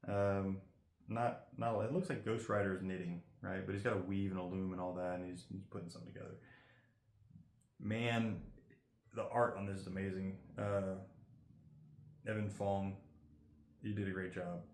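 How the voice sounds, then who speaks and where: A man's voice: low-pitched, steady tone, moderate pace, long pauses. A man giving chatty, rambling commentary as he opens trading card packs and reads the card text aloud. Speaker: card collector host. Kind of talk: casual card-opening commentary. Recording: roomy echo.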